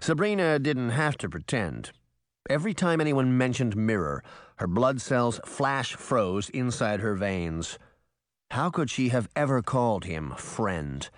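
A man narrating an audiobook in an expressive storytelling manner. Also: medium pitch, unhurried, no room sound, studio quality. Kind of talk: scripted narration.

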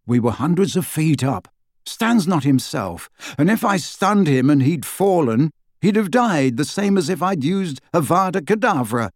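A man's voice: a little high, big pitch swings, measured pace, voice pushed up. A man voicing an earnest teenage boy who talks hesitantly. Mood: defensive.

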